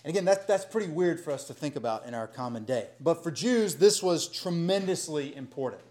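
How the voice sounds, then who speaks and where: A middle-aged man preaching a sermon in a conversational, animated way with folksy asides. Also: on the high side, fairly quick. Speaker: pastor.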